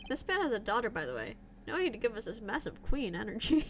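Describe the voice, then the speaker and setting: A woman's voice: a little high, sing-song, brisk, a little hiss or hum. A young woman streaming a game live, chatting and rambling with a giggly, casual manner. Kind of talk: live gameplay commentary.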